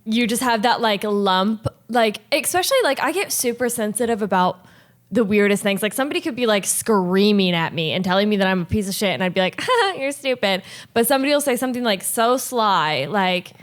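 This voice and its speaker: Young woman, podcast co-host, chatty, quippy, filler-heavy, mid pitch. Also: expressive. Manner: chatty, quick quips, lots of "like". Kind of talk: casual chat.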